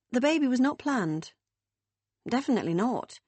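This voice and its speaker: A woman reads an audiobook in a measured, expressive way, her voice in the middle of the female range. The sound is close and completely dry, with no trace of room. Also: medium pitch, no room sound. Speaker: audiobook narrator. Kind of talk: scripted audiobook narration.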